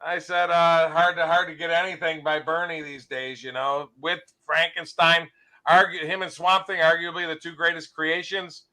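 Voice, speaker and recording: Bright high-voiced male art dealer. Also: level tone, normal speed. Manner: enthusiastic salesman patter, joke-telling. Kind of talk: live sales stream chat.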